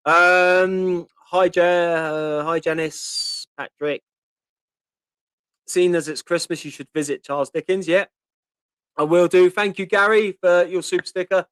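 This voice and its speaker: This host is a Portsmouth man in his fifties, and his voice is high, steady and a bit bright, with a clean tone and no room sound. He takes his time as he chats through a relaxed live-stream Q&A, reading out viewers' comments and answering their questions with lots of ums.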